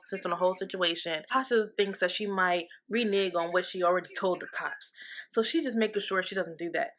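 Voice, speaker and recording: Female vlogger, casual TV recap, profane and animated, mid-range voice. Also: mid-range voice. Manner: candid and profane, animated reactions.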